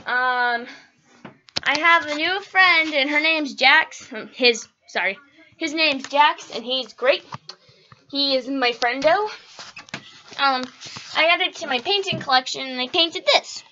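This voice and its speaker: High, bright-voiced teenage girl vlogging. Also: slow, slight background noise. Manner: rambling and giggly, turning earnest and heartfelt. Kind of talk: casual vlog chat. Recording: dull lo-fi recording.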